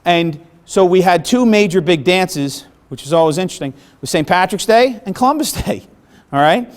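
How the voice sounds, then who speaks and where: A middle-aged man gives a workshop presentation in a fairly high voice. He talks conversationally to a room of listeners and keeps checking that they follow. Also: expressive, moderate pace. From the Bronx, New York. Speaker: presenter on parish planning.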